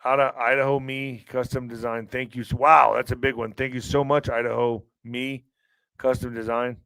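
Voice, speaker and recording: A man's voice: mid-range voice, fairly bright tone, smooth, no echo, poor audio. A middle-aged man hosting a livestream, chatting casually and reading viewer comments. He sounds emotionally strained and weary, talking in an earnest, rambling way with many restarts. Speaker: livestream podcast host.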